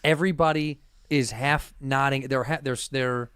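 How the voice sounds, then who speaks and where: A man's voice: mid-range voice, fairly even intonation, normal speed, a bit bright, smooth, no room sound. A man co-hosting a comedy podcast, riffing wryly in casual talk. He is recorded close and dry, with no room sound. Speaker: podcast co-host. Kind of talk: casual chat.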